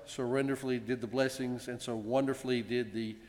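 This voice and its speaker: Man, congregation president, mid-pitch, gently joking ceremonial speech, reverberant sanctuary. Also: steady tone. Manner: warm, gently joking, with frequent pauses. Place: synagogue sanctuary. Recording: long reverb in a large sanctuary.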